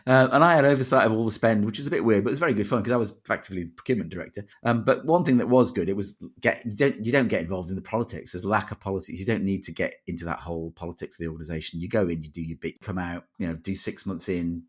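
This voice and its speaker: A middle-aged man co-hosting a podcast in casual chat, brisk and chatty, trailing off with filler sounds. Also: fairly low pitch, slightly rough. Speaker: podcast co-host.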